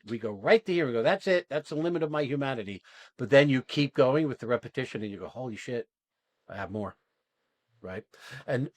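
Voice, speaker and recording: Running an acting class demo, a coach with a mid-range voice pushes the actors through an exercise with blunt emphasis and plenty of profanity. The recording has no echo.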